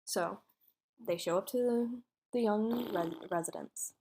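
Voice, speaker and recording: A woman's voice: medium pitch, a little slow, mellow, a little hiss or hum. A woman co-hosting a podcast, telling a true crime story in a casual way and acting out what people said. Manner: acts out quotes, sometimes drops to a whisper.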